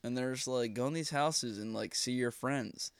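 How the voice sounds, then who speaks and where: A man's voice: medium pitch, normal speed, clean tone, no echo. A young man co-hosting a podcast in casual chat, rambling through stories with many restarts. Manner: rambling, restarts a lot, laughs while telling stories. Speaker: podcast co-host.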